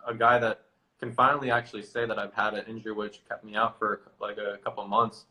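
Calm low-voiced young man, bright tone. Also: quick pace, low-quality recording. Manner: calm, thoughtful, many fillers. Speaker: football player, guest. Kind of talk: reflective interview talk.

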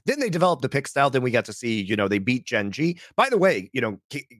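A man with a mid-range voice, recorded close and dry, co-hosts an esports talk show. He breaks down matches in a halting way, often restarting his sentences and laughing easily. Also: mid-range voice, sing-song, fairly bright tone, dry recording. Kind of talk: casual analytical chat.

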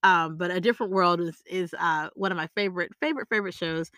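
A career coach with a lowish, fast, bright and forceful female voice gives motivational, emphatic salary negotiation advice. She repeats key phrases and uses frequent tag questions to check in with the listener. The clean studio recording has no echo.

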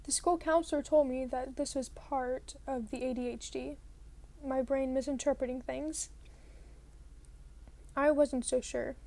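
A woman's voice: high voice, fairly even intonation, a little slow, pauses often, mellow. A woman reading a novel aloud in the first person, narrating plainly and now and then rereading a line. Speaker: audiobook reader.

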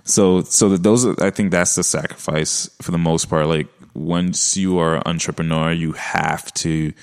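A man with a very low, deep voice and a Brooklyn accent chats easily as a podcast guest. His talk is loose and conversational, and he keeps checking in with "right?" as he makes his points. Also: unhurried, smooth. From Brooklyn, New York. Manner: relaxed and chatty, often ends points with "right?". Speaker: guest, company co-founder.

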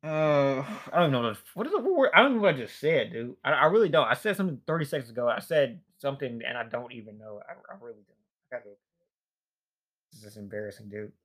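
A weary young man vents in a loose, profane rant, sighing and trailing off between bursts of frustration. His voice sits at an ordinary middle pitch, tired and worn down. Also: big pitch swings, quick pace, hardly any pauses, a bit bright. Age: young adult. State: fatigued. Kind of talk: casual rant.

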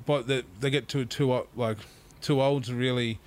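A man's voice: mid-range voice, normal speed. A man, a podcast guest telling stories casually and animatedly. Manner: animated, acts out quotes in raised voice, laughs often. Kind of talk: casual storytelling.

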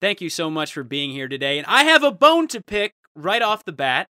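A young man hosts a casual podcast and rants in mock outrage, with a bright, fairly high voice. The sound is dry and close, with no room heard. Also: very animated, a little fast, dry recording. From Ohio. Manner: ranting, mock-outraged, jumps into quoted voices. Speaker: podcast host.

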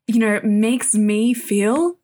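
A woman's voice: fairly high pitch, slow, darkish tone, slight background noise. A woman co-hosting a comedy podcast in a gushing, mock-earnest way. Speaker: podcast co-host.

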